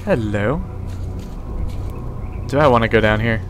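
A man's voice: on the low side, measured pace, music in the background. A young man casually commenting while he plays a video game, rambling and joking, talking back to the characters on screen. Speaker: let's play host.

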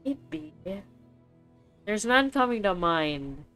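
A young woman streamer giving casual, excitable commentary while she plays a game, swearing and laughing often. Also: medium pitch, slow, clean tone, faint music behind.

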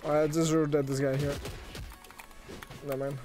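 A man commentating his own fighting-game stream, excitable and swearing, yelling at big plays. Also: on the high side, measured pace, music in the background.

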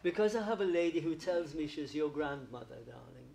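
A man's voice: fairly high pitch, animated, a little fast, creaky, darkish tone. A man working as a medium at a spiritualist church service, chatty and affectionate, laughing often and calling listeners darling. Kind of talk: spiritualist church platform reading.

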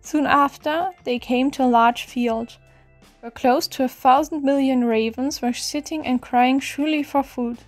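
A woman narrating a fairy tale in a gentle, even storybook reading. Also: sits high, unhurried. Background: faint music.

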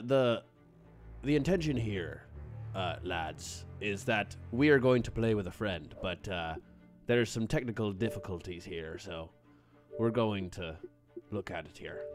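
A man live-streaming a game, excitable and playful, greeting viewers by name and joking in pirate talk. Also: on the low side, slow pace, long pauses, soft background music.

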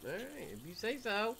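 A man narrates his own horror game playthrough with a slow, drawn-out delivery. His voice leaps all over the place as he swears, laughs nervously and yelps at scares. A faint hiss sits under the recording. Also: high-pitched, vocal fry. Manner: jumpy, swearing, nervous laughter, loud startled outbursts. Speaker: gaming YouTuber. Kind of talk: horror game let's play commentary.

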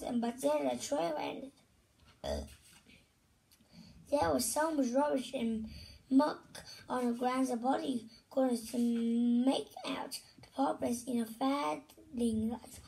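A woman reading a children's story aloud, slowly and deliberately, often repeating phrases and stopping to comment. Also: sits high, fairly even intonation, gravelly, a little mellow, distant mic, slight background noise, rough recording.

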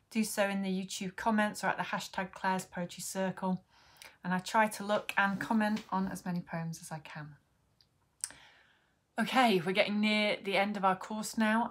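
A woman who is a poet, hosting an online poetry workshop for beginners and explaining things in a friendly way, with frequent ums. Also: mid-range voice. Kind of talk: online poetry lesson to camera.

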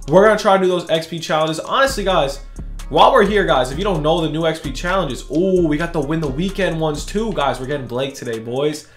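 Hyped young gamer man, echoey room. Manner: hyped, excitable, slangy; swings from loud shouting to low muttering. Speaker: gaming YouTuber. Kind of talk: casual pack-opening commentary.

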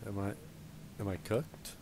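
A man with a slightly low voice talks through a video game in casual commentary, thinking aloud and cheering on the characters he leads. He speaks into a gaming headset, with a clear, steady hiss of game sound and noise under his words. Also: a little slow. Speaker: let's play gamer.

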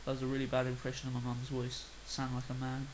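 A young Australian man rambling through casual game commentary, chatty, with sudden loud excited outbursts. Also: medium pitch, fast talker, a little hiss or hum, low-quality recording. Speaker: gaming video host.

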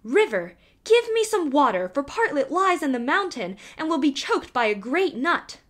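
A woman's voice: high voice, very animated, moderate pace, a bit bright, pitched above the performer's own voice. A woman voicing a rooster who hurries about pleading urgently for help. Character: anxious, hurrying rooster.

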